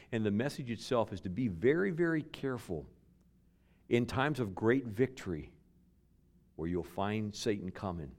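This man, a pastor with a mid-range voice, tells stories during a sermon, stumbling into restarts and repeated words. He swings between loud, emphatic moments and hushed, almost whispered ones.

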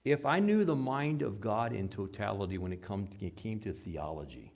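A pastor preaching a sermon, reading scripture aloud dramatically and dropping into quiet asides, asking the congregation questions. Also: male voice, on the low side, animated, moderate pace, vocal fry, hardly any pauses. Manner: dramatic, swings between loud scripture reading and hushed asides.

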